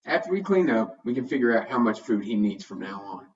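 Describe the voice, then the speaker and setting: A man's voice: medium pitch, fairly quick, natural voice. Man reading as a patient kindly dad. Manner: calm, explaining. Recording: dull, distant home recording.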